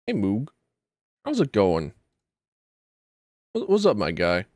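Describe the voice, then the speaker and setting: A man's voice: lowish voice, wildly swooping pitch, slow, vocal fry, long pauses, a little mellow, no echo. A man streaming a video game, chatting casually and rambling with jokey, self-deprecating asides. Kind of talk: casual gaming stream chat.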